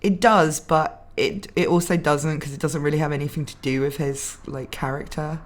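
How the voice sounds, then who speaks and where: With a low-pitched voice, fairly even intonation and normal speed, a young Englishwoman with a mildly posh accent streams and reads out viewer comments in casual chat. She's giggly and talkative, laughing often. There's slight background noise.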